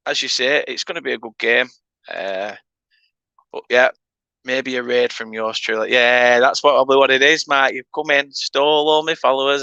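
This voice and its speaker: A man's voice: medium pitch, vocal fry, sharp tone, dry recording, lo-fi sound. A man hosting a casual live football watchalong, chatting and reading out viewer comments. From England. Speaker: livestream host.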